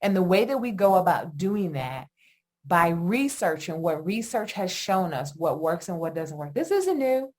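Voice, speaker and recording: A woman's voice: on the low side, unhurried. Emphatic woman podcast host. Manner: animated, emphatic, often asks "guess what" and "right?". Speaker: podcast host, attachment educator. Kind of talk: solo podcast talk.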